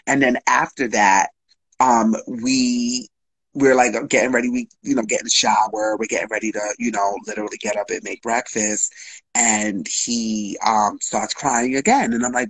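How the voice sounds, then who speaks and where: A man's voice: lowish voice, steady tone, normal speed, a bit bright, slightly rough, low-quality recording. A man guest telling an open, emotional personal story on a live stream, frank and casual with swearing.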